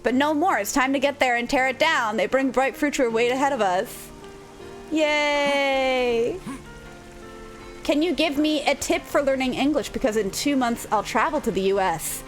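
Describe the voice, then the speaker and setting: A woman chatting casually on a game livestream, giggling often between her remarks. Her voice sits high, with game music faintly in the background. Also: normal speed. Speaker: streamer.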